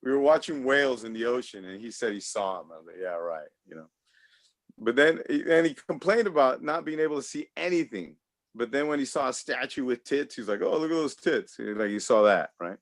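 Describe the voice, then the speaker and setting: Rambling comic on a dry video call. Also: male voice, mid-range voice, animated, brisk, no room sound. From Los Angeles. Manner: loose, rambling, laughs at own jokes. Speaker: stand-up comedian. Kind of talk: virtual stand-up set. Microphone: home computer mic on a video call.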